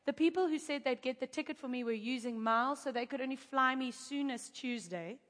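Woman, high voice, preacher, chatty testimony, long hall reverb. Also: fairly quick. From South Africa. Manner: animated, chatty storytelling with asides to the audience. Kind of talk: testimony in a sermon.

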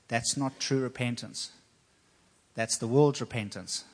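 With a mid-range, somewhat bright voice at a moderate pace, a man preaches a sermon as pastor. His delivery is earnest and personal, built on testimony and repetition for emphasis, and it echoes with long hall reverb.

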